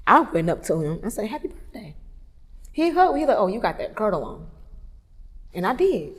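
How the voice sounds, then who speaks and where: Woman, candid personal storytelling, hushed to animated, mid-pitched, long room reverb. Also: a little fast, pauses often, husky. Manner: candid, swings from hushed to loud animated retelling. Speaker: photographer telling her story. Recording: long reverb, roomy hall sound.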